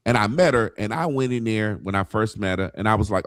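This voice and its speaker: A man's voice: fairly low pitch, fairly quick, no echo, studio quality. A man telling profane stories in a casual chat, acting out the voices of people he quotes. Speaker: guest.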